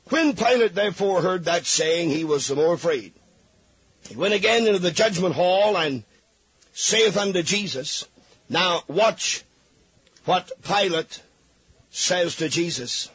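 Husky high-voiced fervent preacher man. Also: lively intonation, measured pace, long pauses, fairly bright tone, no room sound. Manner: impassioned, pleading, reads scripture aloud. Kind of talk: fervent sermon.

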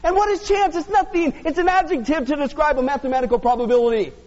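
A man's voice: very high-pitched, quick pace, a little mellow. A man pastor preaching a sermon in a joking, sarcastic way to his congregation. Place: church hall. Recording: dull lo-fi audio with long hall reverb.

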